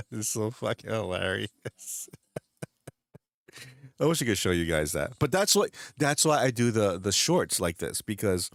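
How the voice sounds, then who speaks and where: A man's voice: on the low side, big pitch swings, slow, fairly bright tone, dry recording, studio quality. A man hosting his channel in casual chat, rambling, laughing often and restarting sentences. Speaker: channel host.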